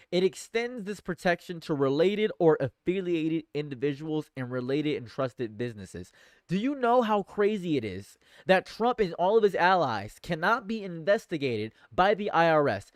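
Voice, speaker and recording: A man's voice: on the high side, lively intonation, normal speed, no echo, clean studio sound. A man streaming live political commentary, reading news aloud and reacting with exasperation, often repeating himself and stammering. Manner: exasperated, swings from shouting outrage to muttering; repeats phrases, stammers and restarts.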